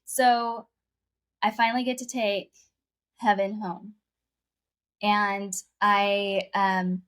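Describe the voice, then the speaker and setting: A woman guest telling a personal story in conversation, earnest and emotional, often repeating her phrases. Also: medium pitch.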